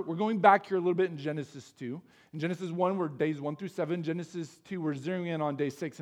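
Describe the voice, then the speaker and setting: High-voiced man preaching a sermon. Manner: earnest preaching with rhetorical questions. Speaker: pastor.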